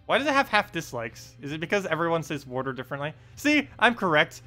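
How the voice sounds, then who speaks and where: A male game streamer in loose, casual chat. His pitch swings animatedly as he laughs and plays with words, and faint music runs under his voice. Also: big pitch swings, quick pace, bright, forceful tone. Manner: playful, laughs often, keeps repeating a word to test his pronunciation.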